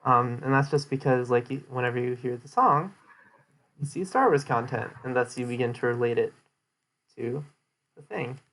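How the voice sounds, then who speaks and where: A young man talking through a presentation he gave in a loose, casual way. His pitch sits in an ordinary middle range, and his explanations wander, full of "um" and "like" and restarts. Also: normal speed, a bit bright. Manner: rambling with many fillers and restarts. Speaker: streamer giving a presentation recap. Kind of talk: casual chat.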